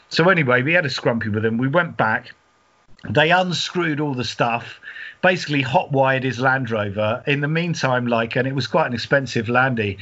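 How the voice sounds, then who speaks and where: A man's voice: medium pitch, moderate pace, sharp tone. A middle-aged man from England, co-hosting a podcast, telling a long story in a rambling way, laughing and restarting often. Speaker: podcast co-host. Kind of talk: casual storytelling chat. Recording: dull lo-fi audio.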